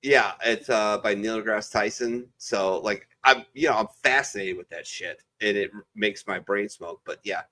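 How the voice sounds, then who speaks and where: A man's voice: fairly low pitch, normal speed, few pauses, bright, forceful tone. A man who is a former Marine, hosting a casual veterans' chat over a video call and telling stories in a rambling, heavily profane way. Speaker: veteran show host.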